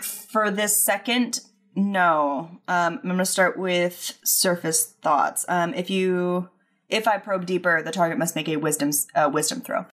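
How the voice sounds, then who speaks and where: A woman playing a tabletop role-playing game, chatting in an eager, excitable way and swearing casually. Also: fairly low pitch, unhurried. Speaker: player.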